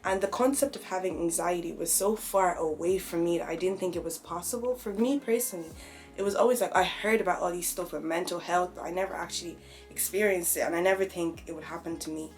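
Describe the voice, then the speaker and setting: A woman's voice: fairly low pitch, fairly even intonation, fast, soft background music. A young woman, talking openly and reflectively in a personal vlog. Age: young adult. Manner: open, conversational, reflective. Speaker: vlogger.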